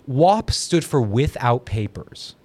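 Man, comedy podcast host, crude rambling chat, giggly, lively swinging pitch. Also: takes it slowly.

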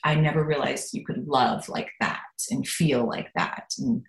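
Animated woman guest in a roomy space. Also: extremely low pitch, a little slow, creaky. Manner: animated, laughs a lot, swings between giddy and soft. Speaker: actress guest. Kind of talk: casual interview chat.

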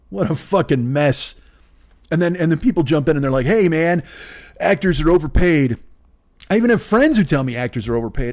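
A man in his fifties hosting a podcast, rambling in a casual, profane monologue with sarcastic asides and a smooth voice. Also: a little high, animated, quick pace, darkish tone. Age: 50s. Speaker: podcast host.

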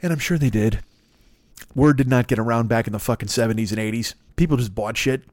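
A man's voice: mid-range voice, fast talker, a little mellow, no room sound, studio quality. A man riffing through a profane, rambling comedic monologue, acting out voices with laughs. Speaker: podcast host.

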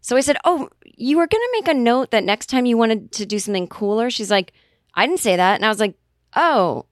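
On her podcast, a woman in her forties spins a rambling story, casual and animated, acting out both sides of a conversation and swearing freely. Her voice is fairly high and brisk. The sound is close and completely dry, with no echo.

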